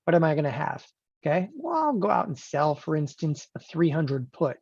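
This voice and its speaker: A man teaching options trading in an animated lecture, emphatic and joking, often checking in with the listener. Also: fairly high pitch, moderate pace, gravelly, husky, dry recording. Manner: emphatic, joking, keeps asking "okay?". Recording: dull lo-fi dry recording.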